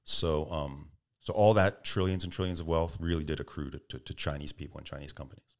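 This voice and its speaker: A man's voice: a bass voice, a little fast. A middle-aged man, a podcast guest, telling stories animatedly and acting out the quotes. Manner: animated storyteller, acts out tones and quotes. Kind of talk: storytelling interview.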